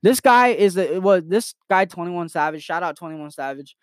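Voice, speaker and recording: A man's voice: high-pitched, expressive, normal speed, no room sound, clean studio sound. A nineteen-year-old man telling crude jokes and rambling on a casual comedy podcast from his bedroom. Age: late teens. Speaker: podcast host.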